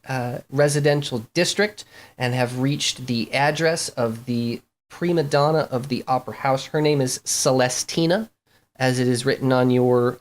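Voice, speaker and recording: A game master narrating a tabletop game in a halting way, full of restarts. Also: mid-range voice.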